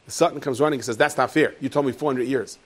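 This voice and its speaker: A man giving a lively Torah lecture as a rabbi, jumping into high, loud voices when he tells stories. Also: fast talker. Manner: lively storyteller, leaps into high shouted voices for characters. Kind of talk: animated Torah lecture with storytelling.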